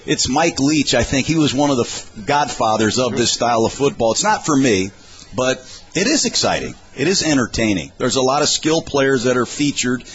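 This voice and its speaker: A man's voice: medium pitch, animated, normal speed, fairly bright tone. A man who used to coach, guesting on sports radio and making his points bluntly and emphatically. His voice sits in the middle range. The recording is a little dull, with faint noise behind him. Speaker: guest analyst, former coach. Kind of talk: sports talk radio chat.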